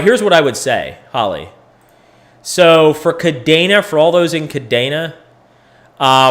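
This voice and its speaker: A tired man hosts a casual crypto chart-analysis video, thinking out loud as he goes. His speech is loose and salty, with a middle-pitched voice. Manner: loose, profane, thinking aloud. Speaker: crypto educator and host.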